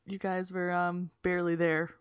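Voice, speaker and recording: A woman's voice: on the low side, monotone, moderate pace, clean tone, no room sound. A woman from Minnesota, hosting a podcast in casual banter and laughing often. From Minnesota, USA. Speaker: podcast host. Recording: slightly dull lo-fi audio.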